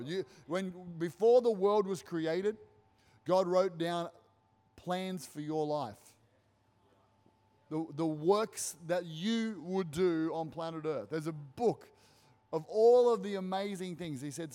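Brief: rousing male pastor, slightly high voice, repeats phrases for emphasis. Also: measured pace, long reverb tail. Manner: animated, repetitive, rousing. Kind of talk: sermon. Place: church hall.

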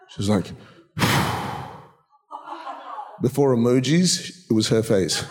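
A man preaching a sermon as a guest preacher, with humorous, energetic storytelling and quick asides, in a large church auditorium. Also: medium pitch, very noisy. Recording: long reverb of a large hall.

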